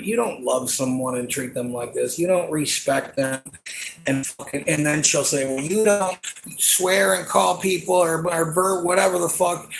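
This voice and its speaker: A man's voice: a little high, gravelly, a little hiss or hum. A man in his forties venting in an emotional, rambling monologue, angry and profane, full of fillers. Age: 40s.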